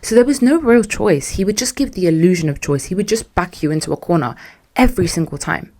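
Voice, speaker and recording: Young woman podcaster venting, slangy and animated, lowish voice. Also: fast talker. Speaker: podcast host. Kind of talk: casual storytelling monologue.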